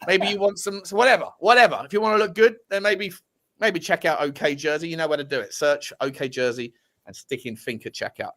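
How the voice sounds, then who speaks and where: A man's voice: on the high side, brisk, sharp tone. A man co-hosting a casual football podcast, talking in a chatty, rambling way. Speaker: podcast co-host.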